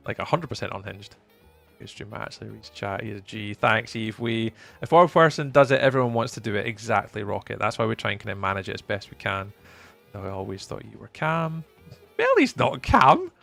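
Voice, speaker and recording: Give me a playful young streamer with a gravelly edge and faint music behind. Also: male voice, on the low side. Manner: chatty, playful, often trails off softly. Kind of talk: casual live-stream chat reading.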